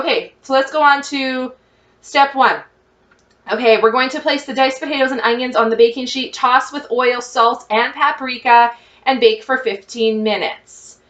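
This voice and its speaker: A woman chatting excitedly to her viewers as she cooks, thinking out loud in a casual vlog. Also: high-pitched, roomy sound, far from the mic, highs cut off. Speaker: cooking vlogger. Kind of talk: casual cooking vlog, talking to camera. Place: home kitchen.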